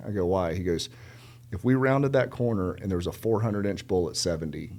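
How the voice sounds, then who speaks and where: He's a middle-aged podcast guest from South Carolina, talking a little fast in a fairly low voice. Casual and animated, he hammers points home through repetition and slips into character when quoting others in his stories.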